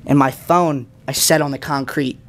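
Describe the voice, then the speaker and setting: Here a young podcast guest, male, tells a meandering story in laid-back slang, stuffing it with fillers and dramatizing the quotes he acts out. He speaks at a normal speed in a steady, mid-range voice.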